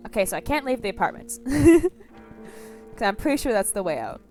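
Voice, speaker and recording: A woman's voice: fairly high pitch, big pitch swings, moderate pace, darkish tone, soft background music. A woman streamer giving casual, rambling let's-play commentary. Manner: chatty, giggly, rambling.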